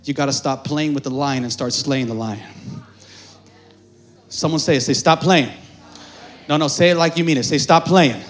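A male pastor preaching a sermon in a church, calling on the congregation to answer back and swinging between hushed asides and shouting. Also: mid-range voice, a little fast, long pauses.

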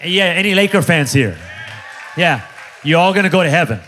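A man in his forties preaching an energetic sermon, joking with the crowd and driving points home with call-and-response repetition. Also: fairly high pitch, moderate pace, slight background noise. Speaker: pastor.

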